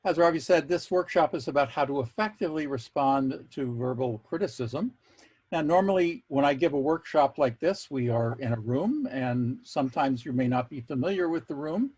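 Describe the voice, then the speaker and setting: Male workshop presenter on a video call, slightly raised pitch, a bit raspy, measured delivery with dry humor. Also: lively intonation, darkish tone. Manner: measured, wry asides, repeats key words for emphasis. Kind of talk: online workshop talk.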